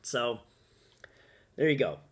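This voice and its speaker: A man's voice: mid-range voice, big pitch swings, slow, a bit bright, breathy edge. A man giving blunt, opinionated casual commentary on news stories, with mild profanity.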